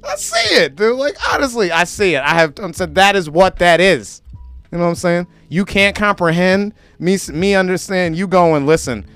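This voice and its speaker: Animated man ranting on a podcast. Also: high-pitched, normal speed, clean tone, no echo, soft background music. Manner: animated, mocking voices of others. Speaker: podcast host. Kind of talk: casual ranting chat.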